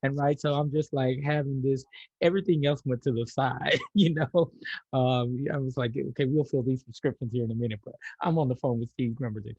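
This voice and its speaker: Gravelly man telling a personal story. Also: medium pitch, fairly even intonation, brisk, a little mellow, no echo, muffled recording. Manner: repeats words when starting, laughs lightly. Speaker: podcast guest. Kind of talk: casual storytelling.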